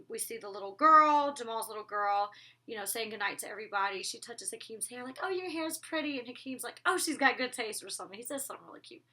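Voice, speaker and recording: A woman's voice: on the high side, pushed and bright. A young woman recapping a TV episode in a casual, gushing vlog, acting out the characters' lines as she goes. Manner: gushing, chatty, acts out characters' lines with voices.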